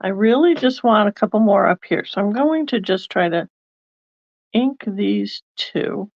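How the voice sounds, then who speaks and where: Slow, chatty woman crafting out loud. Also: medium pitch, animated, vocal fry, dry recording, dull audio. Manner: chatty, thinking aloud, self-correcting. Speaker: card-making video host. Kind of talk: casual crafting demonstration.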